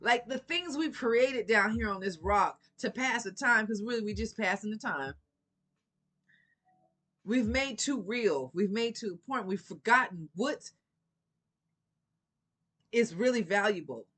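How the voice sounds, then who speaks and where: Lively, sassy woman giving a pep talk. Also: a little high, unhurried, pauses often. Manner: sassy, preachy, laughs often, swears freely. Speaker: vlogger. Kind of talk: casual motivational talk to camera.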